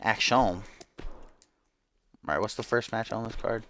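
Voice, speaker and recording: A man's voice: on the low side, unhurried, slight background noise. A man hosting a game stream, calling the matches like a loose, joking wrestling announcer. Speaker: streamer and host. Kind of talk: mock wrestling commentary over a video game.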